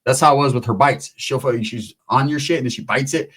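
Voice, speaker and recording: A man's voice: medium pitch, fast talker, a bit bright, breathy edge. A man telling a long, profane, rambling story in casual talk, acting out the other people in it.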